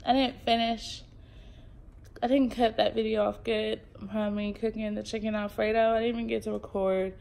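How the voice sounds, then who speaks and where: A woman's voice: fairly high pitch, vocal fry, a little hiss or hum. A woman chatting casually to the camera as a mom vlogger at home in her kitchen, cooing in baby talk at her twins. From Texas. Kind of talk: casual home vlog chat.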